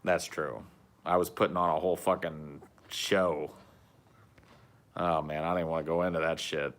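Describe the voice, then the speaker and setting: Low-voiced cali guy in his 30s, chill stoner drawl, cursing casually on a podcast. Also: level tone, moderate pace, fairly bright tone. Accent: Californian. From California. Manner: laid-back stoner drawl, swears freely. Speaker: podcast host. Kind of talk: casual chat.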